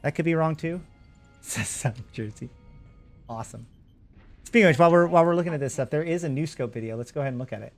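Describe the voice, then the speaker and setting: A man's voice: fairly high pitch, fast, pauses often, faint music behind. A man hosting a live stream, chatting casually and rambling while he talks to his viewers. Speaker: streamer and host.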